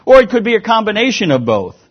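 A man preaching a sermon, lively and emphatic, often restarting his words. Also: high voice, fast. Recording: dull lo-fi sound.

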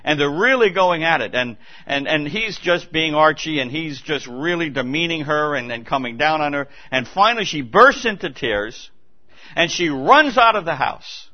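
A man's voice: fairly high pitch, expressive, moderate pace. A man preaching a sermon in a church, earnest and emphatic, repeating his key points and restarting phrases as he goes. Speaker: pastor. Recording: dull lo-fi recording.

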